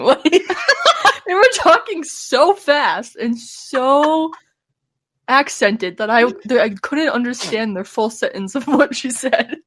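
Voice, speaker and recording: A woman co-hosts a relaxed podcast with a slightly high voice. She teases and jokes with her guests and cohost, laughs often, and drops swear words casually. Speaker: podcast co-host.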